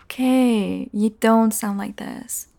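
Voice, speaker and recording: A woman's voice: fairly high pitch, extremely slow, gravelly, dark tone. A young woman in a casual audio role-play, talking straight to the listener, teasing and swearing freely and often dropping into a whisper.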